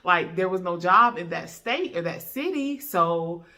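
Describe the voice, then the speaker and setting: A young woman from North Carolina with a Southern lilt chats to camera in a relaxed sit-down vlog. Her voice sits a little low but rings bright and clear. She talks in a friendly, easygoing way, calling her viewers y'all. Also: a little slow. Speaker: YouTuber, travel x-ray tech. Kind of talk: casual sit-down talk to camera.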